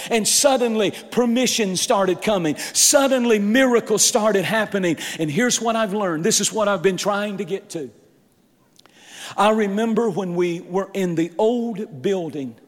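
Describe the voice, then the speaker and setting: A male pastor delivers a sermon in a high, ringing voice, drawing out his phrases slowly. He leans on repetition and builds up to shouts, with long hall reverb trailing each line.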